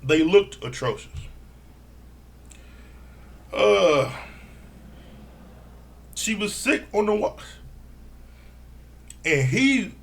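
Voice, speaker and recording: A man giving a blunt, profane casual recap of a reality TV episode, laughing often and mimicking people in a higher voice. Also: creaky, a bit bright. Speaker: reality TV reviewer.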